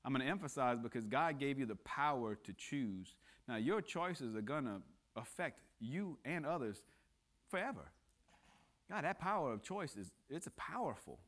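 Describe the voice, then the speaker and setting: Man, guest preacher, casual sermon; joking yet earnest, stumbles and restarts, medium pitch. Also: big pitch swings, moderate pace, fairly bright tone. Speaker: guest speaker. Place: church sanctuary.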